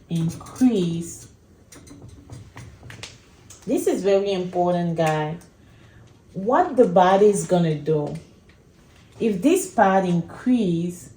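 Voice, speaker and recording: Slow, mellow-voiced woman teaching. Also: lowish voice, roomy sound, poor audio. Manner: slow, repetitive explaining, addresses viewers as guys. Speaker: anesthesia educator. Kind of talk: whiteboard lecture.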